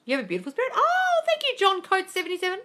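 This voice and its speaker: A woman's voice: very high voice, rapid-fire. A woman hosting a casual live Q&A on a phone stream, blunt and sweary, calling viewers darling and squealing at comments. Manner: animated, squeals and laughs at comments. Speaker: livestream host answering viewer questions. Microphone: phone livestream.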